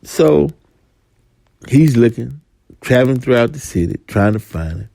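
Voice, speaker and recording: A man's voice: mid-range voice, expressive, measured pace, gravelly, dark tone, no room sound, clean studio sound. A man ranting in a slangy storytelling monologue, restarting phrases often as a podcast host.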